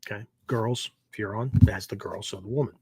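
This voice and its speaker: Husky-voiced man lecturing in loose talk. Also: lowish voice, brisk, a little mellow, dry recording. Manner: meandering, with many fillers and tag questions. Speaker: martial arts teacher and show host. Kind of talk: casual spoken lecture.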